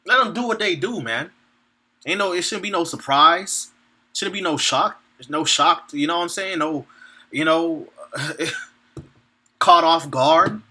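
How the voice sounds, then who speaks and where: A man's voice: a little high, moderate pace, pushed and bright, breathy edge. A man giving an informal sermon, reading scripture aloud and commenting bluntly and profanely, laughing between points and checking in with his listeners. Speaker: preacher.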